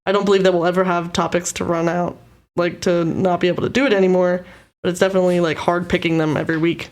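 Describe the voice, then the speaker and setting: Relaxed, giggly podcast co-host woman. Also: lowish voice, quick pace. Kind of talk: casual chat.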